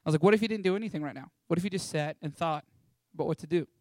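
A man's voice: fairly high pitch, racing, dry recording. A young man from Texas, animatedly telling a personal story to an audience and acting out the voices of the people in it. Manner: animated, acts out voices in his stories. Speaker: ministry school student sharing a testimony.

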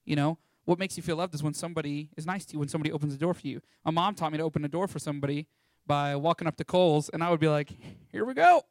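A young man tells a story to an audience in an animated, playful way, switching into the voices of the people he describes. His voice sits slightly high for a man. The sound is dry and close, with little room reflection. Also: rapid-fire, hardly any pauses, no room sound. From Texas. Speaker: ministry school student sharing a testimony.

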